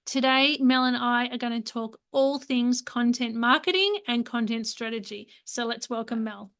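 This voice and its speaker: A woman's voice: fairly high pitch, normal speed, a bit bright. A woman hosting a podcast interview, upbeat and enthusiastic. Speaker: podcast host.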